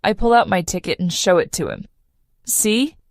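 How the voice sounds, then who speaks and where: A woman narrating a simple first-person story for English learners, clear and measured. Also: fairly low pitch, big pitch swings, no echo, studio quality. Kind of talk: slow read-aloud story for learners.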